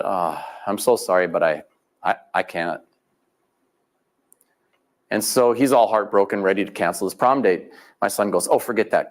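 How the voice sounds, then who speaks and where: A middle-aged man giving a talk as guest speaker, telling stories in a folksy way and acting out the people he quotes. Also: lowish voice. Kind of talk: storytelling lecture. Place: live event venue.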